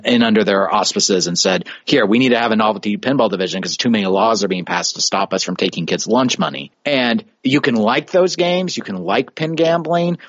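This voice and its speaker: A man hosting a podcast, talking in a thoughtful, measured, cautionary way. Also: on the low side, a bit bright, no room sound. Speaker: podcast host. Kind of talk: casual podcast chat. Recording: slightly dull lo-fi audio.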